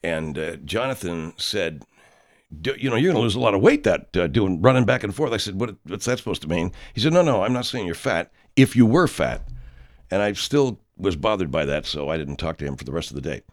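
Here the man's voice sits low, animated and fairly quick as he performs a comic monologue. His character, a self-important horror film director, goes off on a rambling anecdote and keeps speaking of himself in the third person.

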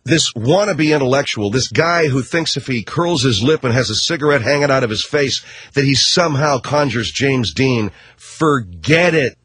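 Husky, combative ranting man. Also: medium pitch, fairly bright tone, dry recording. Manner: combative, sarcastic, mocking. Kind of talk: radio rant.

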